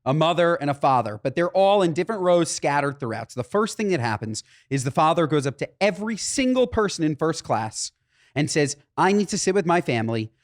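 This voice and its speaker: Podcast cohost guy, slightly high voice, ranting about a story, animated. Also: brisk. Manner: animated anecdote teller. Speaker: podcast co-host. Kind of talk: casual chat.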